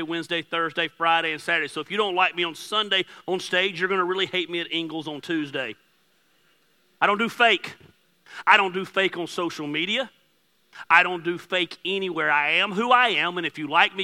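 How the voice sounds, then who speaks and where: A man preaching a sermon as pastor while losing his voice, hoarse, blunt and joking with emphatic delivery. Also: high voice, bright, forceful tone.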